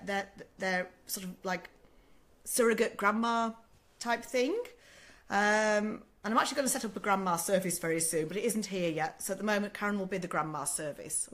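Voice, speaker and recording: An older Australian woman, a sleep consultant, answering viewers on a casual live stream. She talks in a chatty, motherly way, calls people "love", keeps checking with "okay?", and her voice is still a little rough after a sore throat. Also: mid-range voice.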